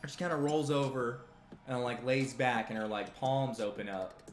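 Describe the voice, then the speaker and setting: A man's voice: mid-range voice, steady tone, moderate pace, echoey room, soft background music. A man hosting a live stream, telling a comic story in a rambling, self-interrupting way and teasing his audience. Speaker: live stream talk show host. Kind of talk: comedic storytelling to a live chat.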